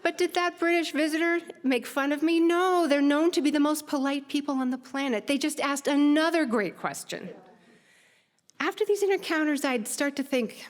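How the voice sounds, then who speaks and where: A woman's voice: high-pitched, normal speed. Woman telling a stage story in a reverberant hall. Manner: lively, self-mocking, laughing at her own tale. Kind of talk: personal story told on stage. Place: theater stage.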